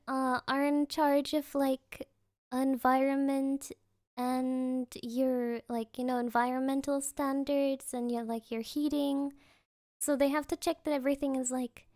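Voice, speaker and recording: A young woman streamer at home, telling a story in casual chat, excitable and laughing often, with lots of fillers. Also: high-pitched, unhurried, no echo, studio quality. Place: at home, creaky floor.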